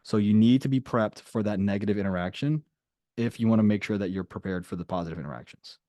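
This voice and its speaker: A man's voice: on the low side, fast talker, mellow, dry recording. A man leading a group coaching call, talking casually and emphatically and repeating his key points. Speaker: sales coach.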